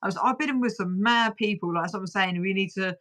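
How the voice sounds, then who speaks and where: A woman's voice: mid-range voice, fast, a bit bright. A woman hosting a livestream and chatting casually, talking bluntly and swearing freely. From United Kingdom. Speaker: livestream host. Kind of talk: casual chat.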